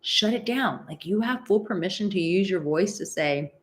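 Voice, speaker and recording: Woman, low pitch, live advice host, casual chat, lots of fillers. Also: animated, normal speed, few pauses, slight background noise. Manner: casual, many "like" fillers, acts out example phrases.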